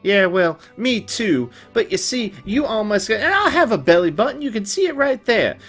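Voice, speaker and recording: A woman's voice: mid-range voice, very animated, moderate pace, soft background music. A woman hosting a let's play, joking and teasing as she comments casually.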